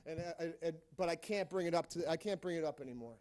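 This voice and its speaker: A man with a notably high voice addresses a board from the podium. He is emphatic and confrontational, rallying his colleagues. The sound is close and dry. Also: fast, darkish tone, no room sound. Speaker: teacher speaking at public comment. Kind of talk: public comment speech. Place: public board meeting room.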